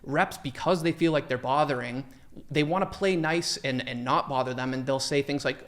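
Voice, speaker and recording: A man's voice: mid-range voice, moderate pace. Guy on a podcast mic talking sales, keeps acting out sample call lines. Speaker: sales trainer guest. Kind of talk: conversational sales advice.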